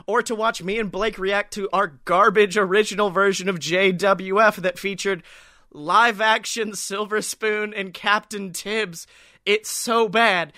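A man hosting a podcast, chatting casually and laughing as he tells animated stories. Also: sits high, no echo, clean studio sound. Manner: animated storyteller, laughs while telling. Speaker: podcast host. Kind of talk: casual chat.

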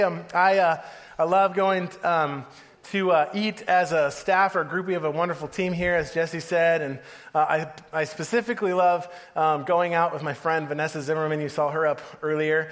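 A man's voice: a little high, steady tone, fairly quick, fairly bright tone. Joking man preaching in a reverberant hall. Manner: casual, joking, laughs often. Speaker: pastor. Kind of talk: sermon.

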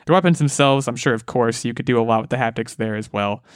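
A man's voice: mid-range voice, quick pace, clear, resonant tone, no echo, clean studio sound. A man co-hosting a casual podcast, talking eagerly and rambling with restarts. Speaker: podcast co-host, game expert.

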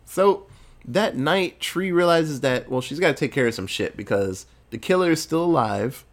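A man recaps a film plot in a loose, casual way, cursing often and keeping the story moving. His voice sits a little higher than most men's. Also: normal speed. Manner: profane, animated storytelling. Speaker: movie recapper.

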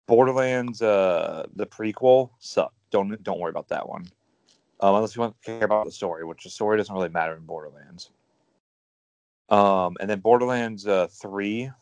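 A man's voice: on the low side, darkish tone, dry recording. A man co-hosting a podcast, rambling enthusiastically about games with lots of fillers. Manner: rambling, enthusiastic gamer talk with many fillers. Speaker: podcast co-host. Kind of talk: casual chat.

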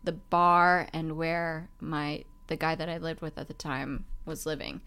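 A young woman talks candidly about her past, her sentences running on and looping back with steady fillers. Her voice sits a little low and comes across smooth and clear. She tells it plainly, without dressing it up. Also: unhurried. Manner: frank, speaks in loose run-on clauses with many "like" fillers. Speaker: guest. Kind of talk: candid storytelling in conversation.

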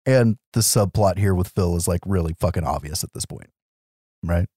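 A man with a low, dark, slightly rough voice casually recaps a movie on a podcast at normal speed. He laughs often and acts out characters in silly voices in this comedic chat, recorded with studio quality and no echo.

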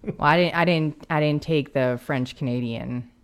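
A woman with a notably deep voice for a woman, chatting on a podcast. She agrees easily and hesitates now and then, with an easy, giggly manner. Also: moderate pace, background noise. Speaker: podcast co-host. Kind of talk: casual chat.

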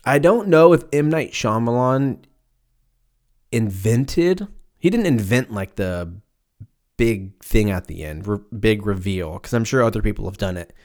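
A man's voice: fairly low pitch, expressive, unhurried, a little mellow. Rambling American man with a slight lisp. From United States. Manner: profane, joking, stumbles over words. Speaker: podcast host. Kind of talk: casual rambling chat.

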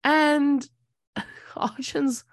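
A woman co-hosting a podcast, recapping a TV episode in casual chat, excitable and quick to exclaim, laughing mid-sentence. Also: high-pitched, no echo, studio quality. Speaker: podcast co-host.

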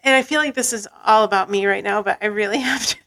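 A woman's voice: mid-range voice, fast, bright, forceful tone. An American-sounding podcast co-host, a woman with a medium voice, chatting casually. She tells stories with animation, laughing often and acting out what others said. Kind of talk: casual chat.

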